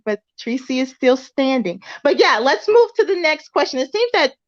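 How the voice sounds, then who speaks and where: A woman's voice: high voice, very animated, normal speed, no echo. A woman playing a prim, apologetic interviewer with a Memphis Southern accent in a comedic mock interview. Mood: patient. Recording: dull lo-fi recording.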